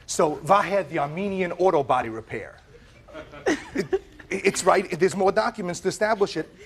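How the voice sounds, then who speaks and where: A man giving animated, emphatic testimony as plaintiff on a televised courtroom set. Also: high-pitched, normal speed.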